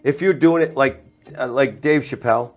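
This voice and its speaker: A middle-aged Boston comedian talking casually, with a lively storyteller's delivery. He builds up his stories and laughs at his own punchlines. His voice sits at an ordinary male pitch. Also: moderate pace, soft background music. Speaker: comedian guest. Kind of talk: casual chat.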